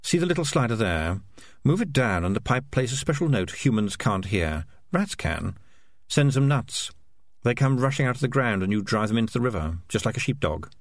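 A man voicing a cynical, smooth-talking piper with a low, wry, conspiratorial drawl. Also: animated, moderate pace, dry recording, clean studio sound, lightly acted. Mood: persuasive.

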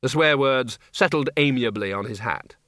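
A man's voice: mid-range voice, moderate pace, bright, forceful tone, no room sound, studio quality. A man narrating a comic fantasy audiobook in a wry storytelling manner.

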